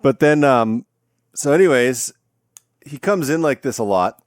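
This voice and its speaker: A man tells a classroom story in a casual, animated way, his pitch jumping around as he goes. He laughs and swears freely, like a seasoned musician turned teacher. His voice sounds close and dry. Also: measured pace, no room sound. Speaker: guest, music teacher and former touring musician.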